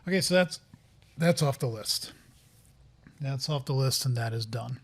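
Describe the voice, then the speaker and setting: A man talking casually to viewers as he sets up a software project, rambling, thinking aloud and getting flustered by interruptions. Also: medium pitch, unhurried. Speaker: software developer streaming a coding session. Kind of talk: casual live-coding commentary.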